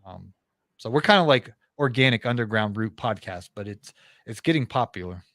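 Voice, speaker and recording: A man's voice: on the low side, animated, moderate pace, a bit bright, no echo, clean studio sound. A man being interviewed about his podcast, talking earnestly and at length in a casual way, often restarting his sentences. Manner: earnest, talkative, many restarts. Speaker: podcast host, interview guest.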